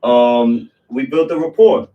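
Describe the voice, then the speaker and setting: A business owner from New York, guesting on a casual podcast interview, recounts his business story in a mid-range pitch, rattling off steps in quick lists. He's a little way off the mic, so the highs are cut off, and soft music plays in the background.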